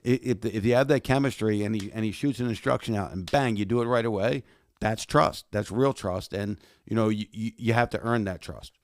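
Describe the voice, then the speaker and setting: A man, a former fighter and podcast guest, telling animated stories and swearing freely. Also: lowish voice, brisk, no room sound. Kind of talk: casual podcast chat.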